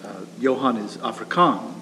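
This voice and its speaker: A man's voice: medium pitch, lively intonation, normal speed. A male actor talking in an interview. He speaks hesitantly, with many fillers and restarts. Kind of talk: casual interview. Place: theatre rehearsal hall. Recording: reverberant hall with faint background hum.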